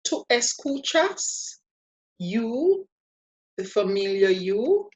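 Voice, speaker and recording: Slow, patient woman teaching a language. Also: on the high side, sing-song. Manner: patient and playful, spells out each step. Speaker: Spanish teacher. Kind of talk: slow, deliberate language lesson.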